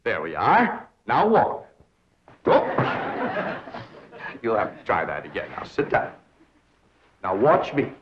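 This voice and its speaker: A man's voice: fairly low pitch, wildly swooping pitch, takes it slowly, long pauses, background noise, full character voice. An actor playing a pompous, lovestruck young man who speaks in grand, affected phrases, on dull old TV sound. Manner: grandiose, theatrical, affected diction.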